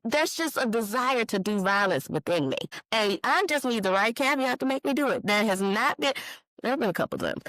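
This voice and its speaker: A woman's voice: mid-range voice, no room sound, low-quality recording. A young woman, hosting a podcast and telling a personal story frankly and animatedly, acting out the dialogue. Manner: animated, frank and profane, acts out quoted dialogue. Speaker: podcast host. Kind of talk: candid storytelling monologue.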